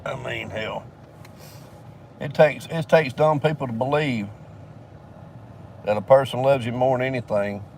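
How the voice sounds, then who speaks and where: A man's voice: medium pitch, a little slow, vocal fry, long pauses, a little mellow, far from the mic, a little hiss or hum. An older man, telling a rambling, profane story in a casual drawl and laughing between lines. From southern United States.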